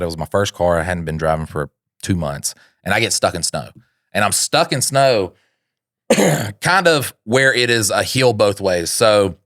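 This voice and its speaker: A man's voice: low voice, a bit bright, no room sound, clean studio sound. A man co-hosting a podcast, telling a story in a casual, self-mocking way, laughing and teasing. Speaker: podcast co-host.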